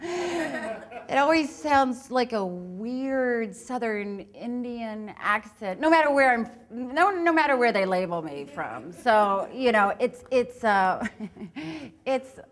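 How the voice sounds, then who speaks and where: A woman's voice: fairly high pitch, animated, slow. A woman giving a live talk on improv, chatty and laughing often between her points. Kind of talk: live talk with audience exercises.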